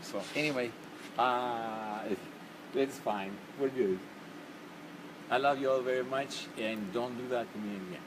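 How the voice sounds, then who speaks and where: A middle-aged bandleader and musician greets his band on a concert stage before sound check, chatting casually and laughing often in a backstage video. His mid-range voice moves at a measured pace with frequent pauses, and loud stage noise fills the background.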